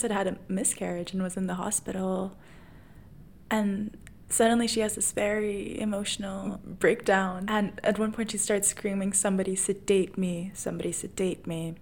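A woman's voice: medium pitch, a little mellow, slight background noise. A woman in her twenties hosting a podcast, telling a personal story in a candid, emotional way with many fillers. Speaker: podcast host. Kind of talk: personal monologue.

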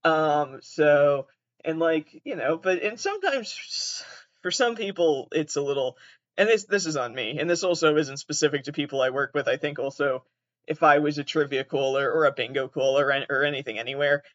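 A man's voice: on the high side, brisk, fairly bright tone, no echo, lo-fi sound. A man with an upper Midwestern, near-Canadian accent hosting a casual solo podcast. He rambles, laughs mid-sentence, swears freely, and pokes fun at himself. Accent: upper Midwestern / southern Canadian. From southeastern Massachusetts. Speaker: podcast host.

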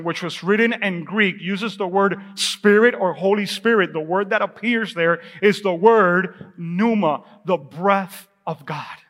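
A man preaching a sermon as the pastor, in a lively, conversational way, with asides and questions to his congregation. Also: sits high. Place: church sanctuary. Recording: echoey church hall.

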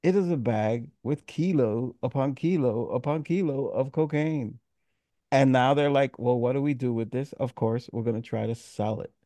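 A man's voice: mid-range voice, moderate pace, mellow, no echo. A man hosts a laid-back movie review chat, retelling the plot with fillers and little laughs. His voice sits dry and close to the mic. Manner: laughing, rambling recaps with fillers. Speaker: podcast host.

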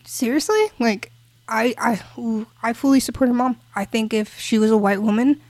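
A woman's voice: a little high, steady tone, normal speed, a little mellow, dry recording. A woman co-hosting a podcast, talking in a casual, emphatic and impassioned way. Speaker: podcast co-host.

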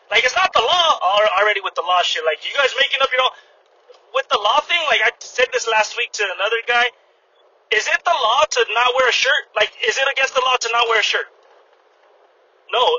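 A man's voice: sits high, bright, forceful tone, breathy edge, highs cut off. A man hosting a podcast, telling a work story as a casual, profane rant and acting out both sides of the argument. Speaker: podcast host.

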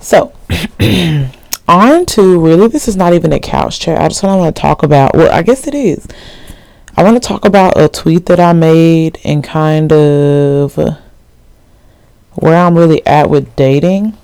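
A woman's voice: low-pitched, measured pace, darkish tone, no room sound. Young woman, 20s, solo podcast host. Casual, rambling, slangy delivery with a dry, close sound. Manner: rambling, slangy, full of asides and fillers.

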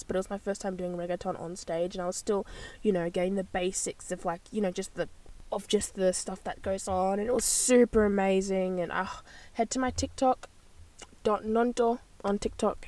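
A woman's voice: mid-range voice, darkish tone. A young woman, hosting a casual solo podcast in a bubbly, rambling way. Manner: bubbly and rambling, with frequent gasps and laughs. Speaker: podcast host.

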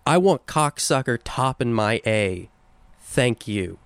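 A man's voice: mid-range voice, lively intonation, slow pace, clear, resonant tone, dry recording. A young man co-hosting a podcast, chatting casually and playfully, savoring the words he talks about. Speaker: podcast co-host. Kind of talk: casual chat.

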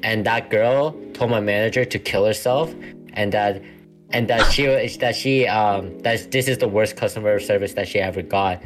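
A man's voice: fairly low pitch, moderate pace, faint music behind. A young man co-hosting a podcast, telling work stories in casual chat, swearing freely and acting out quotes. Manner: swears freely, animated storytelling with acted-out quotes. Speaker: podcast co-host.

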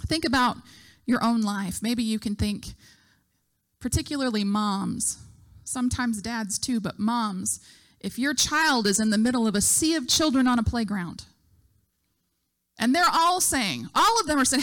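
A woman's voice: a little high, expressive, a little slow, fairly bright tone. A middle-aged woman preaching a sermon, telling a story and acting out the voices she quotes.

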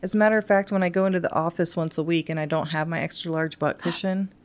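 Brief: woman podcast co-host, low-pitched voice, playful and chatty, laughs often. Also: steady tone, quick pace. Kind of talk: casual chat.

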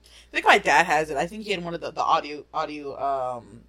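A young woman co-hosting a podcast, telling stories in animated, casual chat and laughing often. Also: deep voice, fairly quick. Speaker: podcast co-host.

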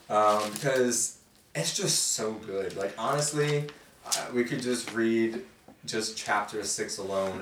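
A man's voice: mid-range voice, a little hiss or hum. Casual man teaching scripture in a roomy space. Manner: conversational, voices the characters' quotes with feeling. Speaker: host reading and explaining scripture. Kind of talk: casual Bible study teaching. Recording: roomy, mic at a distance.

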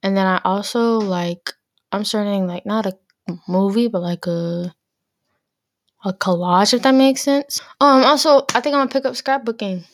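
With no room sound in the recording, a teenage podcast host speaks at normal speed in a medium-pitched voice. Her casual solo rant is exasperated, blunt and full of fillers.

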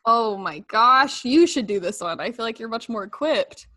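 A woman's voice: a little high, expressive, normal speed, few pauses, bright, forceful tone. A young adult woman in casual chat, giggly and effusive.

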